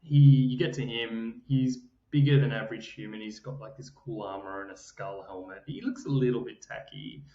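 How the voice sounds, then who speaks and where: A man's voice: lowish voice, moderate pace, few pauses, dark tone. A man with an Australian accent, co-hosting a podcast in casual chat and animatedly telling stories, acting out quotes and laughing often. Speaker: podcast co-host. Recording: roomy, slightly dull podcast audio.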